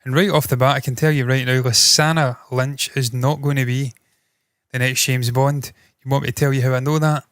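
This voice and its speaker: A man's voice: mid-range voice, steady tone, a little fast, fairly bright tone, dry recording, studio quality. A man hosting entertainment news, giving blunt, opinionated commentary with frequent swearing.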